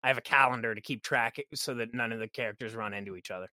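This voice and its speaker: A man on a podcast chatting as a guest game master, telling lively stories and acting out what his players and characters said. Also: medium pitch, fast talker, dry recording. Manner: lively storyteller who acts out quoted characters. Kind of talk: casual podcast chat.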